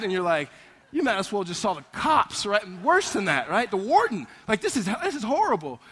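A pastor preaching a sermon in a church, telling stories in an animated, conversational way with frequent tag questions. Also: male voice, sits high, big-room sound. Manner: animated, conversational storytelling with repeated "right?". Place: church sanctuary.

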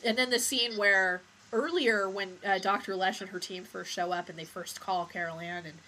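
Woman podcast co-host, bright voice, mid pitch, rambling and casual. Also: steady tone, normal speed, slight background noise. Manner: rambling, recounting scenes, swearing. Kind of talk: casual chat.

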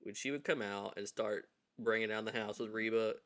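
A man hosting a podcast in casual chat, excitable and laughing often. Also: on the low side, brisk. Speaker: podcast host.

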